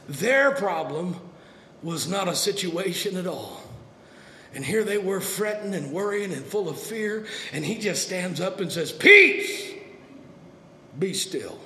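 A man pastor preaching a sermon to a congregation, swinging between soft and dramatic delivery. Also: high voice, reverberant, slight background noise. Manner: preaching with dramatic shifts, acting out voices. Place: church sanctuary.

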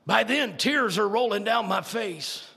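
Gravelly high-voiced preacher in a hall. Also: male voice, expressive, a little slow. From Idaho, United States. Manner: fervent preaching with rising shouts. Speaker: preacher sharing his testimony. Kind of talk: sermon testimony.

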